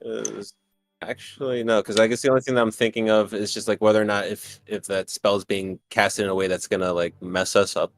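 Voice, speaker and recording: A man's voice: fairly low pitch, level tone, fairly quick, soft background music. A man playing a tabletop game, rambling and hesitant with many fillers. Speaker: player. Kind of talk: casual tabletop game chat.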